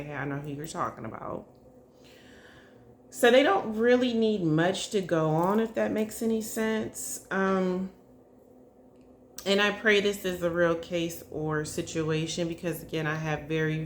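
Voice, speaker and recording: There's a faint hiss or hum under this woman's low voice as she chats through a psychic reading to camera. She sounds unsure, padding her talk with hedges and fillers and regularly asking her viewers "okay?" or addressing them as "y'all."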